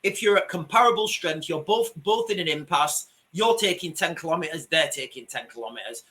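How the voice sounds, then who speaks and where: Yorkshire man, online commentator, bright forceful tone, slightly raised pitch, emphatic and repetitive. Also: lively intonation, brisk. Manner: emphatic, repeats himself, addresses viewers as ladies and gentlemen. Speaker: commentator on a video channel. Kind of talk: screen-share commentary.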